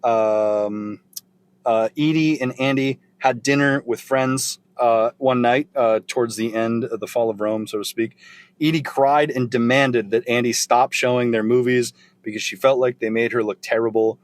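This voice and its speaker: Male podcast host, casual and salty storyteller, mid-pitched. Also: fairly even intonation, moderate pace. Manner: profane, loose, recounting from notes.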